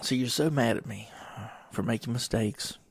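A man's voice: mid-range voice, moderate pace, gravelly, slightly rough, dry recording. A middle-aged man, hosting a podcast and telling wry, profane stories in a rambling way. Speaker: podcast host. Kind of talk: casual solo podcast monologue.

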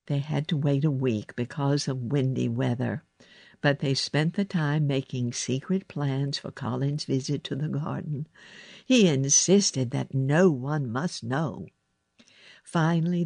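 A woman narrating a children's storybook in a gentle, unhurried reading voice. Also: a bass voice, vocal fry, no echo.

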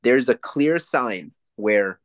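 Profane, animated man in his forties. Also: medium pitch, takes it slowly, no room sound. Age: 40s. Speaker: podcast co-host. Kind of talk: casual chat.

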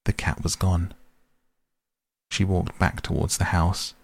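A man reading a storybook aloud as narrator, in a slow, measured way. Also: deep voice, little pitch movement. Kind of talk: audiobook reading.

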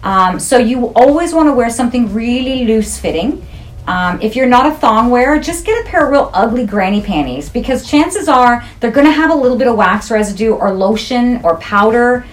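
A woman's voice: a little high, animated, moderate pace. A middle-aged woman esthetician, talking frankly and jokingly in a casual interview. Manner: frank, jokey and chatty.

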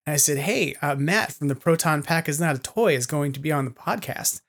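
Excitable rambling man, podcast host. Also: on the high side, a little fast. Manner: excitable, rambling storyteller who laughs often. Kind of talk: casual chat.

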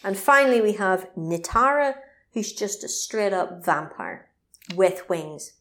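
A woman co-hosting a casual chat, recapping a video game with animated, laughing asides. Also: medium pitch, a little slow.

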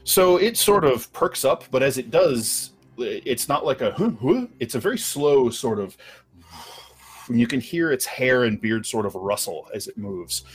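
A man narrating as game master of a tabletop game, describing scenes slowly with pauses and fillers. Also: mid-range voice, lively intonation. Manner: slow, descriptive, hesitant with fillers.

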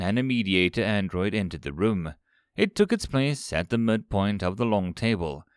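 A man narrating an audiobook with a lowish voice and an animated, lively reading style. The sound is dry and close, with no room around it. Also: no room sound. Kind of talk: audiobook narration of science fiction.

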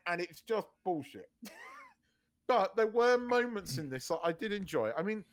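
A man's voice: high voice, a bit bright. A man co-hosting a podcast in casual chat, ranting hard, swearing and repeating himself. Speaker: podcast co-host.

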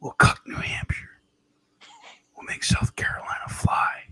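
A man doing a comic impression of an old male politician who rambles in a hushed, breathy whisper. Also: measured pace. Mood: conspiratorial.

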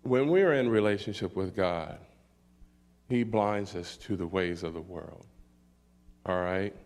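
With a deep, slightly mellow voice, an older man delivers a sermon at a slow, deliberate pace. He reads scripture aloud and calls out hallelujah between his points.

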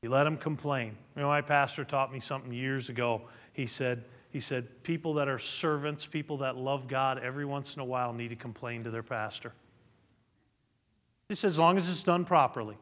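A man's voice: medium pitch, fairly quick, a bit bright, long reverb tail. A middle-aged male pastor preaching a sermon, reading scripture aloud and building to emphatic peaks. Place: church sanctuary.

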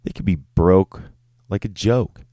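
A man's voice: deep voice, measured pace, warm tone, no echo. A young man hosting a casual solo podcast, rambling and joking with plenty of swearing. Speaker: podcast host.

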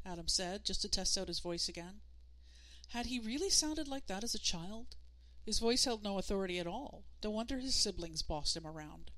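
A woman narrating a novel in a steady, measured storytelling manner. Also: medium pitch. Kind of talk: audiobook narration.

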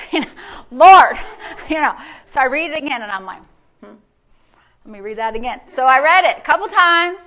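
Bright high-voiced woman preaching a sermon. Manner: animated storytelling, acts out quoted voices, builds to emphatic declarations. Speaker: pastor. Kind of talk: sermon with personal testimony. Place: church sanctuary.

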